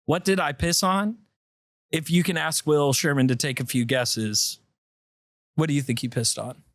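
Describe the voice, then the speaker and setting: A man co-hosting a podcast, reading a listener's story aloud with animated comic delivery in a studio. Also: on the high side, normal speed, dry recording. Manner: animated storytelling, breaks into laughter. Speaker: podcast co-host.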